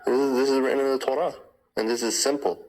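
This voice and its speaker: A man's voice: medium pitch, fairly even intonation, quick pace, a little mellow, low-quality recording. A man calling into a live stream, insistently preaching his view. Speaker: caller. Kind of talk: casual call-in talk.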